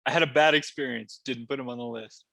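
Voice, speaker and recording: A young man co-hosting a podcast in a relaxed, joking, drawling way. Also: mid-range voice, quick pace, creaky. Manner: laid-back, joking, drawling. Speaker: podcast co-host. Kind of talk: casual chat.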